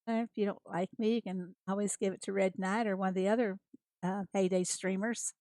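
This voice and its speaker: A woman's voice: mid-range voice, steady tone, brisk, a little mellow, no room sound. An American woman chatting casually with viewers as she streams a farming game, greeting them by name and laughing often. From United States. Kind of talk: casual livestream chat.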